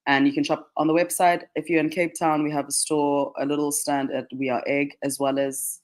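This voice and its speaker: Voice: medium pitch, level tone, fairly quick. A radio guest explaining skincare in a chatty way, with many "like" fillers and frequent laughs. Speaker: guest, skincare brand marketing manager. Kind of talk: radio interview answers. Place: radio studio.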